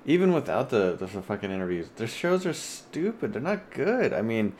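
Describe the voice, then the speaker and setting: A man's voice: medium pitch, big pitch swings, moderate pace, a little mellow, a little hiss or hum. A man co-hosting a podcast in casual chat, agreeing and laughing along, with some swearing. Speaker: podcast co-host.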